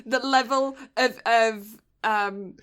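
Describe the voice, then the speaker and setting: A woman with a Southern US accent co-hosts a relaxed podcast chat. Her voice sits a little high and bright, and she talks unhurriedly, teasing her co-host and giggling often. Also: takes it slowly. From Southern United States. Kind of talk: casual chat.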